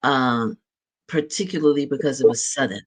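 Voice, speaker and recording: A man hosting a talk show, measured and reflective, with slow pauses and ums. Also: medium pitch, husky. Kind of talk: livestream talk show conversation.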